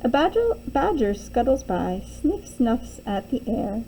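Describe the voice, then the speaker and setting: Teacher lady doing a kids' storybook read-aloud, slow and bouncy, high-ish voice, bit of background hiss. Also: low-quality recording. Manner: expressive, sing-song storytelling with voiced characters. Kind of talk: children's picture book read-aloud.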